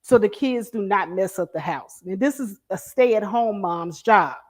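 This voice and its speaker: A woman's voice: medium pitch, a little slow. A middle-aged woman hosting a casual commentary chat over an online call, talking in a blunt, emphatic way. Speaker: host.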